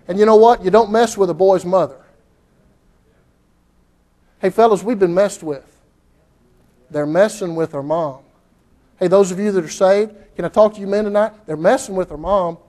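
A middle-aged man preaching in a church, his voice pitched high for a man. He talks in a folksy, rambling way, circling back on his phrases, then breaks into fervent, heated bursts. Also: moderate pace, pauses often, warm tone. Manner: folksy, repetitive, rising to fervent outbursts. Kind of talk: sermon.

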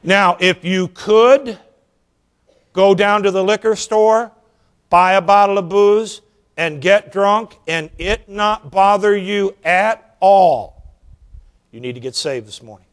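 High-voiced preacher. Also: male voice. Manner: folksy, animated, drawn-out emphasis. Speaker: evangelist preacher. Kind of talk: sermon with storytelling.

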